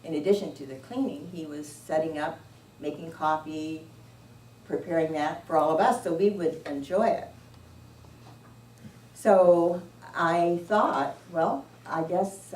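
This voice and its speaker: A woman giving an informal sermon in a church, unhurried and anecdotal, often chuckling as she tells stories. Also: low-pitched, darkish tone. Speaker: church speaker. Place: church sanctuary. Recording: echoey room, distant mic, faint noise.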